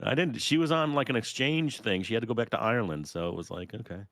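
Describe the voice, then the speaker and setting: A man's voice: mid-range voice, expressive, fast, a bit bright, dry recording. Profane, joking man with a Minnesotan accent. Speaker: co-host. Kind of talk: casual chat.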